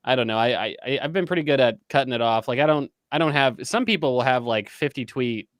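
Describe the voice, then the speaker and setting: A man's voice: medium pitch, lively intonation, fast, no room sound, studio quality. Hesitant man in casual chat. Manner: hesitant, many restarts, laughs easily. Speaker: podcast co-host.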